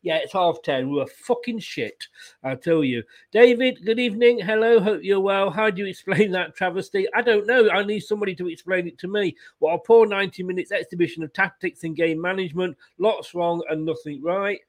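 A man's voice: sits high, fairly quick. A man hosting a fan post-match review, blunt and frustrated, swearing about his team's loss. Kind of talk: casual chat.

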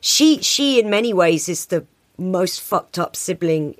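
A woman co-hosting a podcast in casual chat, animated and swearing freely, often quoting lines in put-on voices. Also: fairly low pitch, measured pace, no room sound. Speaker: podcast co-host.

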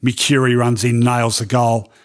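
A middle-aged Australian man recounting his years as a sports journalist in a relaxed interview. His voice sits at a medium pitch, and he speaks animatedly, with frequent ums and laughs. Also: moderate pace. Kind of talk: animated storytelling in a podcast interview.

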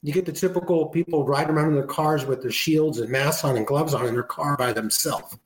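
A man's voice: fairly high pitch, brisk, echoey room, low-quality recording. A man chatting on a talk show in a rambling, conversational way, often restarting his sentences.

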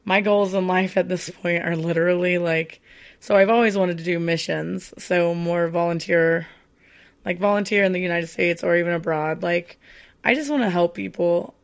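A woman's voice: on the low side, fairly even intonation, normal speed. A young woman co-hosting a casual podcast, chatty, giggly and self-deprecating. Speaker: podcast co-host.

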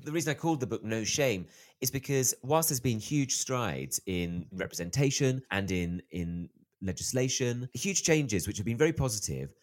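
A man in his thirties, an author being interviewed, telling stories in a lively way and acting out the voices of the people he quotes. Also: medium pitch, moderate pace. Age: 30s. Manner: animated storyteller, acts out quoted voices. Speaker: author guest. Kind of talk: interview conversation.

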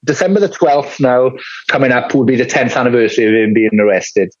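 On a casual podcast, a Welsh musician with a Valleys accent talks openly, wandering through anecdotes and cursing freely. His medium-pitched voice is expressive and a little fast, with the highs cut off in the recording.

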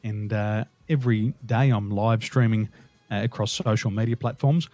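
A man's voice: lowish voice, normal speed, dry recording. Laughing Australian man telling stories. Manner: animated, laughs through his own stories. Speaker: guest. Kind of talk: casual storytelling interview.

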